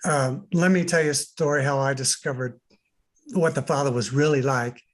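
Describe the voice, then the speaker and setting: A man's voice: medium pitch, fairly even intonation, normal speed. A man hosting a podcast interview, speaking in an earnest, reflective way. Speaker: podcast host. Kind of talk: conversational interview.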